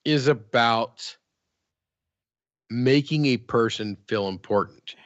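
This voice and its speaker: A man's voice: mid-range voice, slow, no echo, lo-fi sound. A man hosting a podcast in casual banter, rambling with lots of fillers and laughs. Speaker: podcast host.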